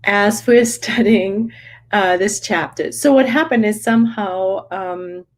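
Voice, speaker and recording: A woman's voice: medium pitch, low-quality recording. A woman hosting an online spiritual study group, reading passages and adding emphatic, reflective commentary. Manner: slow, emphatic, reflective delivery.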